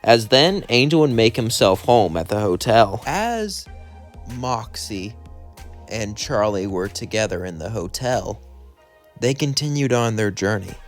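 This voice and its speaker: A man's voice: on the low side, animated, measured pace, soft background music. A man casually narrating a fan story in a rambling, hesitant way. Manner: rambling, hesitant with "well" and "as then".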